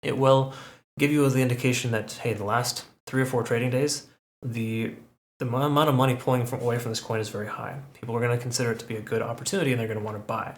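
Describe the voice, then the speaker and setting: A man's voice: mid-range voice, fairly even intonation, fast talker. A man walking through crypto price charts in a conversational way, often checking in with "okay" and "right?". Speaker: crypto market analyst. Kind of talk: chart analysis commentary. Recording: roomy echo.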